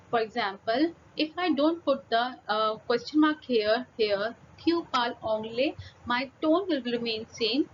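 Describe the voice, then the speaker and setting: High-pitched woman w/ running a grammar lesson online, kinda dull lo-fi sound. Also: a little hiss or hum. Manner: explains step by step with frequent restarts. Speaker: French teacher.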